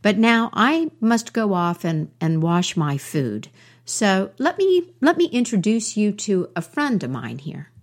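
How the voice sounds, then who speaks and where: A woman's voice: mid-range voice, sing-song, a little slow. A woman voicing a friendly male raccoon in a hurry in a storybook tale.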